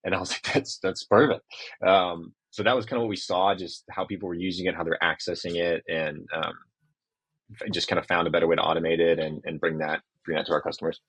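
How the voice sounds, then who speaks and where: A man, a startup co-founder, talking casually as a podcast guest and telling lively stories with acted-out customer quotes. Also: sits low, fast, breathy edge, dry recording. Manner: frequent fillers and restarts. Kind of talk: casual interview talk.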